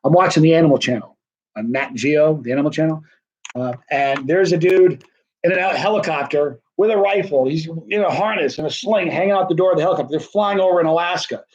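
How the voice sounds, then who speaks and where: A man's voice: a little high, fairly quick. A middle-aged man telling a personal story in a rambling, conversational way with many fillers. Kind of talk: casual storytelling. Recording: dull lo-fi recording.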